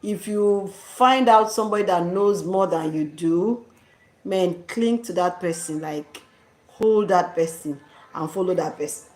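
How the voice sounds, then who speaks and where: Slow-talking Nigerian woman, echoey room. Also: fairly low pitch, a little mellow. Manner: laughs often, drops into Nigerian Pidgin slang. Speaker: vlogger. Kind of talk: casual chat.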